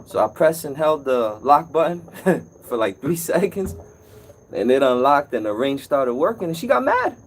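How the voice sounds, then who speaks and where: A man hosting a casual live-stream call-in show as an appliance repair technician, telling stories in an animated way. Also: a little high, normal speed, a little hiss or hum, low-quality recording. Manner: animated storytelling, acts out customer's voice.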